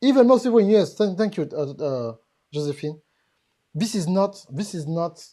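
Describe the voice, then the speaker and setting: A woman's voice: fairly low pitch, expressive, moderate pace, warm tone. A woman with a French accent giving a live seminar talk on business, emphatic and joking as she addresses the audience directly. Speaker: business speaker.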